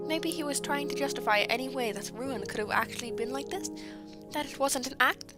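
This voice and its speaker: A woman's voice: high voice, brisk. Giggly woman streamer reading fan fiction. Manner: giggly, breaks off to comment and apologize. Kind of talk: reading friends' fan fiction aloud with casual asides. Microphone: streaming mic. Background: music playing.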